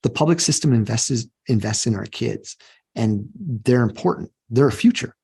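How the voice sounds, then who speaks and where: Gravelly earnest middle-aged man. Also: mid-range voice, lively intonation, moderate pace, darkish tone. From Canada. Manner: earnest, repeats words while thinking. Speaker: teachers' union president. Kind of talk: podcast interview.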